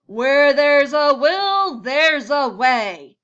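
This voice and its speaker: A woman voicing a big, hearty, pushy male bear who bellows his words slowly and loudly in a storybook reading. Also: high voice, very animated, lo-fi sound, voice pushed up, heavily acted. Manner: loud bellowing and slow.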